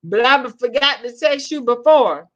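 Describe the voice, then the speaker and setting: A woman's voice: a little high, expressive, measured pace, fairly bright tone. A woman chatting casually on a live stream, reading the chat and calling viewers babe. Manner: chatty, Southern slang, greets viewers as babe. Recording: lo-fi dull stream audio.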